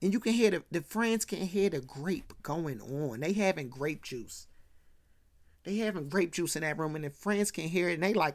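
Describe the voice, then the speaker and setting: A show host doing an animated, slangy recap of a film, acting out the characters' lines and swinging between hushed asides and loud bursts. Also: mid-range voice, moderate pace. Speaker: host of a movie commentary channel.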